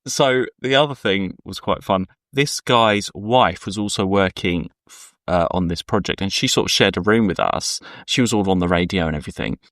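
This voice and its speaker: A man's voice: deep voice, moderate pace, fairly bright tone, dry recording, clean studio sound. A man co-hosting a podcast, chatting casually and rambling through anecdotes while acting out the people he quotes. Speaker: podcast co-host. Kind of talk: casual chat.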